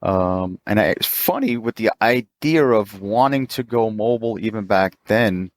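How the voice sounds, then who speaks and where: A man in his fifties telling a long story in casual chat, jumping into a higher pitch to act out the people he quotes. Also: a little slow, no room sound, studio quality. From New York. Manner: animated, acts out quoted voices in a higher pitch. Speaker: mobile auto technician, podcast guest.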